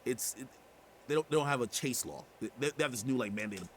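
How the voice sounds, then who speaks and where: A man of middle pitch telling a story as a podcast guest. He gets animated and indignant, his voice climbing as he complains. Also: fast talker, slight background noise. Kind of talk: casual chat.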